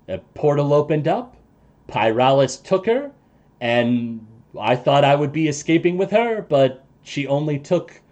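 A man running a tabletop role-playing game, narrating in a casual, halting way with many pauses. His voice sits at an ordinary middle pitch. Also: a little mellow. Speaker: game master.

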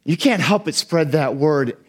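A man's voice: a little high, animated, measured pace, slightly rough. A man who is a parent, preaching a sermon as pastor and explaining a Bible passage, now and then acting out the quoted lines. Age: young adult to middle-aged, a parent.

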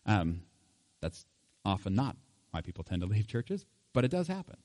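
A man's voice: lowish voice, sing-song, normal speed, darkish tone. A middle-aged man giving an informal Bible teaching in a conversational way, with chuckles and fillers.

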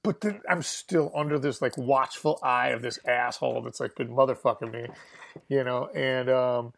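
A man's voice: medium pitch, fairly even intonation, moderate pace, vocal fry. A young man telling a story in a casual chat, laughing often and swearing as he acts out what others said. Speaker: guest musician.

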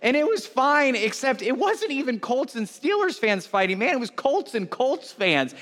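A middle-aged pastor, telling a rambling story from the stage in a chatty way. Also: male voice, very high-pitched, big pitch swings, moderate pace, fairly bright tone. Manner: chatty, rambling anecdotes with restarts. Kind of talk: conversational sermon storytelling. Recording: reverberant hall.

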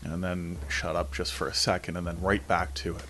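A man's voice: low voice, a little fast, a little hiss or hum. A young man casually telling stories, acting out the voices of the people in them. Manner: animated, acts out voices of people in his stories. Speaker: storyteller. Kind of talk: casual storytelling chat.

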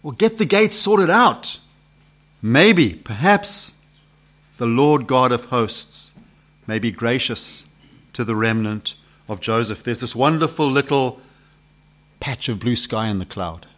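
Guy preaching a bible sermon, mid-pitch voice, goes loud then quiet, keeps asking the crowd questions. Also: animated, slow, long pauses. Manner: dramatic swings from loud emphasis to hushed questions; rhetorical questions to the audience. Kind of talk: expository sermon.

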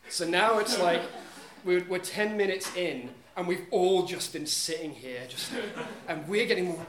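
Guy telling a story live, acts out scenes with sound effects, high-ish voice, echoey room. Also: moderate pace, fairly bright tone. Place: live event venue. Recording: echoey venue with background noise.

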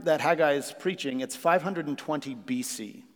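A man's voice: a little high, moderate pace. Man preaching in a reverberant church. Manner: earnest preaching with fillers, rising emphatic questions. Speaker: pastor. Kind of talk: sermon. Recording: long reverb of a hall.

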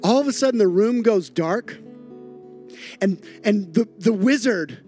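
High-voiced preacher telling a story. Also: male voice, a little slow, faint music behind. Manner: animated storytelling, repeats phrases for emphasis. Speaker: pastor. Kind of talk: sermon.

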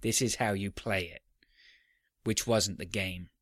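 A man's voice: sits low, measured pace, no room sound, clean studio sound. A man hosting a casual podcast chat about games, rambling and often restarting his sentences. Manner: rambling, self-interrupting, animated. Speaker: podcast host.

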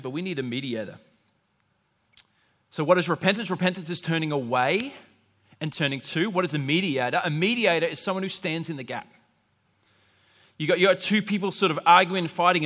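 A man preaching a sermon, animated and conversational, acting out the voices he quotes. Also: fairly high pitch. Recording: long hall reverb.

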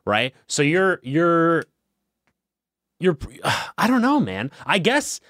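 A man's voice: on the high side, huge pitch swings, slow, a bit bright, no echo, studio quality. Laid-back young man co-hosting a podcast. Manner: laid-back, musing, trails off mid-thought. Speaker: podcast co-host. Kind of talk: casual chat.

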